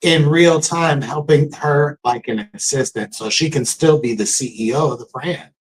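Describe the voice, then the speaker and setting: A middle-aged man co-hosting a live stream in relaxed, conversational chat, giving shout-outs. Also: on the high side, moderate pace, breathy edge, low-quality recording. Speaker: live show co-host.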